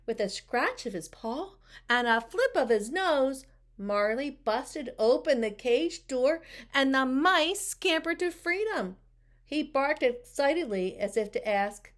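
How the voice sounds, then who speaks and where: A woman reading a picture book aloud, expressive and talking to the listeners with questions. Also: high voice, takes it slowly. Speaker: storybook reader.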